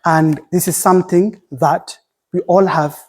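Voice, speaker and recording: A man giving a Friday sermon, preaching with passion and repeating key phrases, sometimes reciting Arabic quickly. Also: high voice, fairly even intonation, darkish tone. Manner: impassioned, repetitive preaching with rising emphasis.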